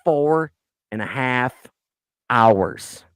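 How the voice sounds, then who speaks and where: A man's voice: mid-range voice, animated, extremely slow, clear, resonant tone, no echo, studio quality. A man co-hosting a casual podcast from the United States, ranting with heavy swearing and mimicking people in his stories. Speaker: podcast co-host. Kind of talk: crude casual chat.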